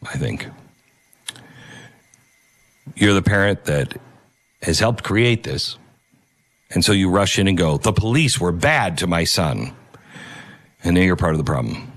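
A middle-aged man delivering an earnest, emphatic opinion monologue, pausing to stress key words. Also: low-pitched, animated. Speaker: commentator.

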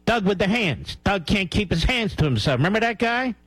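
A man's voice: high-pitched, very animated, fairly quick, fairly bright tone, slightly rough, no echo, low-quality recording. A man hosting a talk radio show, giving heated, sarcastic and mocking commentary.

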